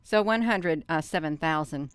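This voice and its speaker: Middle-aged woman host, casual live-stream chatter, smooth voice, close and dry. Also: deep voice, moderate pace, no echo. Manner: chatty, laughs often, many ums and filler; says "you all" instead of "y'all". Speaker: channel host.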